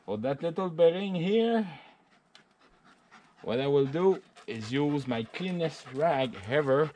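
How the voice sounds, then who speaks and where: A middle-aged man with a French accent, a vlogger, explains a hands-on chainsaw repair haltingly, with many fillers and restarts. His voice is a little high and darkish in tone, with lively intonation.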